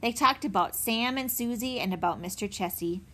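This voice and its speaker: A woman reading a children's chapter book aloud in an expressive, animated way. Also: on the high side, normal speed. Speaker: narrator. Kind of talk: storybook read-aloud.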